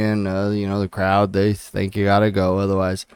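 A man's voice: on the low side, steady tone, fairly quick, few pauses, smooth, no echo. A man in his thirties co-hosting a podcast, talking in a fired-up, defiant, profane way in casual chat. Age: 30s. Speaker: podcast co-host.

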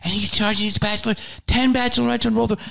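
Brash storytelling man, somewhat high voice. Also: creaky. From Philadelphia, USA. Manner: animated, profane storytelling with quick impressions of others. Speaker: podcast host. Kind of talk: casual comedy-shop chat.

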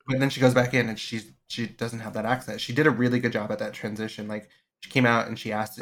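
A man's voice: medium pitch, level tone, fast talker. A man co-hosting a podcast, talking in a chatty, enthusiastic way. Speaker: podcast co-host. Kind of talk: casual chat.

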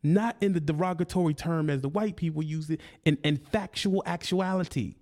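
A man's voice: fairly high pitch, moderate pace, a little mellow. A man, delivering a confrontational, preachy monologue aimed at a rival, taunting and repeating his points. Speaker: online commentator.

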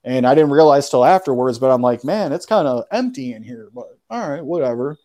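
Dude telling a story, mellow low-key voice, says bro a lot, lots of cussing. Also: male voice, animated, a little fast. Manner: slangy, profane, keeps saying "bro". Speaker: podcast guest. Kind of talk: casual storytelling.

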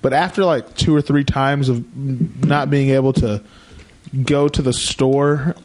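A man's voice: mid-range voice, steady tone, a little slow, darkish tone. A young man co-hosting a podcast, telling a rambling story in casual chat and acting out what others said. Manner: rambling anecdotes with quoted voices. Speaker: podcast co-host.

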